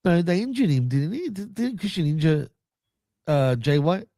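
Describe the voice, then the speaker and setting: A man co-hosting a casual wrestling podcast, sarcastic, chiming in with quick agreement and jabs. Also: a little high, very animated, mellow. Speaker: podcast co-host.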